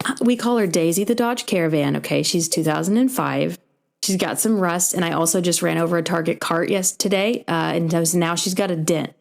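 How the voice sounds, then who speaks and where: Young woman podcast host, low-pitched, animated storyteller who mimics the people in her anecdotes. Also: brisk, gravelly. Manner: animated, acts out quoted voices in her stories. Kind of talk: casual storytelling chat.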